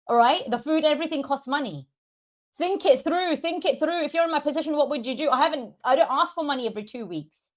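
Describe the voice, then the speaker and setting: A woman, a parent of two, ranting angrily at her viewers on a livestream, heavily profane and addressing them directly. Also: a little high. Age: adult parent of two. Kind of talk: angry livestream rant. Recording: slightly dull lo-fi stream audio.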